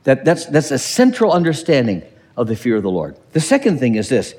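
A man preaching a sermon as pastor, animated and acting out quotes with dry humor. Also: mid-range voice, brisk, long reverb tail.

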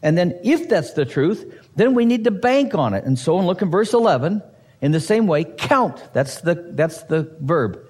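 This pastor has a high, darkish voice with big pitch swings and speaks at a normal speed. He works through a passage verse by verse, adding emphatic asides and bits of humor. His husky voice echoes with long reverb in a hall.

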